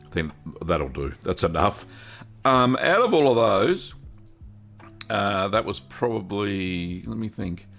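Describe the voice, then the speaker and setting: Slow, gravelly Australian man. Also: lowish voice, lively intonation, a bit bright, faint music behind. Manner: folksy, greets viewers by name with frequent fillers. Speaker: host of a cheese-making livestream. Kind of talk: casual live-stream Q&A.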